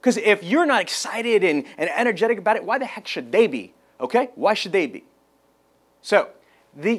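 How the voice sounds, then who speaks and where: A man giving a motivational sales training talk, with a high-energy, hyped delivery and excited shouts.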